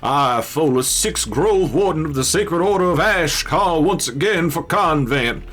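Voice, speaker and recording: A man's voice: fairly high pitch, animated, a little slow, a bit bright, pitched above the performer's own voice. Man putting on a Southern-accented tree-cult preacher. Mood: solemn, grandiose. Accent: Southern US put-on. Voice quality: grandiose, sermonizing. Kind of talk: reading game text aloud in character.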